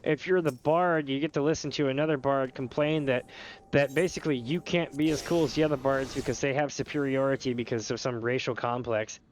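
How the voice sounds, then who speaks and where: A man's voice: medium pitch, brisk, slight background noise. A man streaming a game, chatting casually and telling rambling stories with laughter. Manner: rambling, animated storyteller who often laughs and slips into voices.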